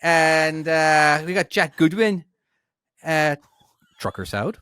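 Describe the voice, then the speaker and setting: An Irish man putting on an exaggerated Dublin accent for a loud, sing-song roll call of names. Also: a little high, takes it slowly, clean tone, no echo, clean studio sound. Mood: hammy.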